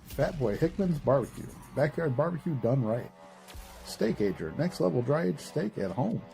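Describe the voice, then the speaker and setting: A man doing a gravelly monotone ad announcer. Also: a little high, normal speed, soft background music, voice pushed up. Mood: deadpan. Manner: flat announcer delivery. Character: monotone male ad announcer reading sponsors.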